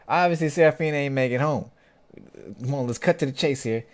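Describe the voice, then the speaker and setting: A man's voice: mid-range voice, fairly quick. A young man hosting a casual reaction video, reading a webcomic aloud and joking about each scene. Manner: animated, jokey, reads comic lines aloud and riffs on them.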